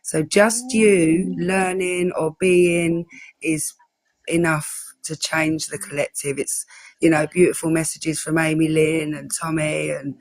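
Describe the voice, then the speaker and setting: A woman taking part in a casual spiritual group chat, speaking gently and explaining her ideas. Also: low-pitched, steady tone, slow, dry recording. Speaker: participant.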